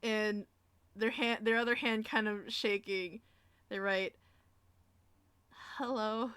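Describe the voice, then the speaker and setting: A woman casually narrating her character in a role-play, quick and giggly with many fillers. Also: medium pitch, steady tone, a bit bright, clean tone, no room sound. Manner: fast, giggly, lots of "like" fillers. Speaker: tabletop role-play player.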